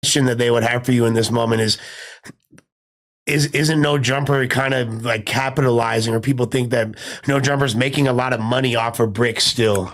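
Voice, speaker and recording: A male interviewer who gropes for words as he frames his question. His voice sits at a middle pitch. He sounds unsure, feeling his way through. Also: steady tone, moderate pace. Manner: hesitant, rambling phrasing.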